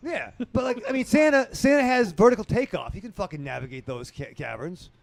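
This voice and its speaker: A man's voice: high voice, expressive, brisk, vocal fry. A man co-hosting a podcast, joking in mock offense and swearing constantly. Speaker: podcast co-host. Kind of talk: casual banter.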